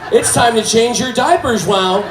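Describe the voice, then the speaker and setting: A man voicing a bossy female hospital nurse who speaks in a brisk, scolding way. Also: extremely high pitch, a bit bright, some chatter behind, slight background noise, pitched above the performer's own voice. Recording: echoey club from far off.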